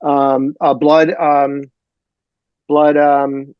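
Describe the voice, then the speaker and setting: Rambling, slightly high-voiced man. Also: extremely slow, clean tone, no echo, muffled recording. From Detroit, USA. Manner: rambling, animated storyteller with many fillers. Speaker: guest novelist. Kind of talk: casual podcast chat.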